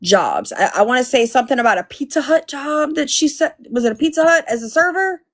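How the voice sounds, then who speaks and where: A woman's voice: high voice, lively intonation, fairly quick, a bit bright. A woman hosting a casual live commentary stream, blunt and profane, thanking viewers by name. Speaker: livestream host.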